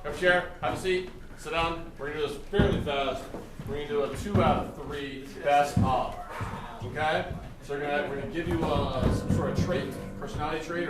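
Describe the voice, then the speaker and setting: A man hosting a live improv comedy show, giving loose, filler-heavy instructions to the players and the audience. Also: mid-range voice. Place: theatre stage. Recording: echoey theatre from far off, loud noise.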